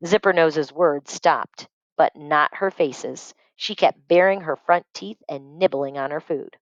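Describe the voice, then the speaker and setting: A woman's voice: sits low, a little slow, few pauses, no echo. A woman reading a children's book aloud expressively, stopping to explain words and checking in with "okay?". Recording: dry, dull muffled recording.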